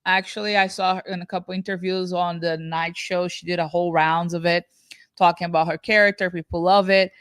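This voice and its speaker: A woman's voice: lowish voice, little pitch movement, brisk, fairly bright tone, dry recording, studio quality. A woman co-hosting a casual reaction podcast, chatty and talking with many restarts. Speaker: podcast co-host.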